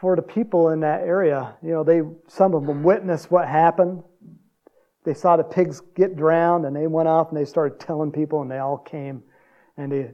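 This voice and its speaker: A man preaching a sermon in a folksy, chuckling way, acting out quotes in a higher voice. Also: lo-fi sound. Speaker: pastor.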